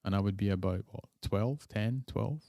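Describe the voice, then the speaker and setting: A man's voice: fairly low pitch, moderate pace, warm tone, dry recording, studio quality. A man with a Scottish accent, a guest in a conversational interview, telling stories in a rambling way and often correcting himself. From Scotland. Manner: rambling, self-correcting storyteller.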